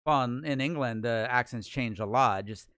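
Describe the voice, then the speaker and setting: A man's voice: mid-range voice, normal speed, fairly bright tone, dry recording. A man co-hosting a casual chat, musing and explaining things in a chatty way.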